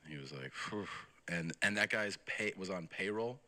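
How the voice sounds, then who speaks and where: A man's voice: deep voice, normal speed. A man telling a story on a podcast in a casual, profane way, quoting the people in it. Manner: profane, animated storytelling that quotes others. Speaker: podcast guest. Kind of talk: casual anecdote.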